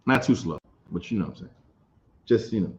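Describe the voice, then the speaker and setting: A man's voice: on the low side, animated, fairly quick, a little mellow, dull audio. Emphatic man teaching a Bible class. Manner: emphatic, repeats phrases, keeps asking "you understand?". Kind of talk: informal scripture teaching.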